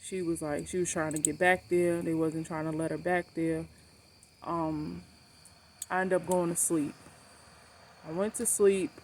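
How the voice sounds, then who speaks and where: A woman vlogging about her cancer treatment, telling a story to camera in a blunt, animated way, swearing freely and repeating points for emphasis. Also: lowish voice, a little slow, long pauses, slight background noise.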